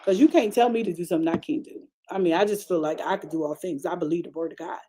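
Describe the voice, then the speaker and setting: A middle-aged woman pastor preaching a sermon in a conversational, vernacular style that keeps rising into emphatic, high-pitched bursts. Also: fast, dark tone, husky.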